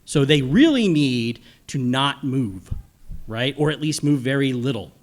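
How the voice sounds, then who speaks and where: In an animated yet unhurried mid-range voice, a middle-aged man lectures a room on audio during a relaxed panel session. His delivery wanders conversationally, and he often pauses to ask "okay?" or "right?"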